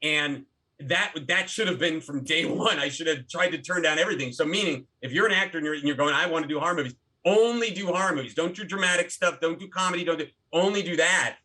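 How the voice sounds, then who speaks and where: Animated, bright-voiced man telling stories. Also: on the high side, fast talker. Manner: animated storyteller with many restarts. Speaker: guest, actor and filmmaker. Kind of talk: casual interview talk.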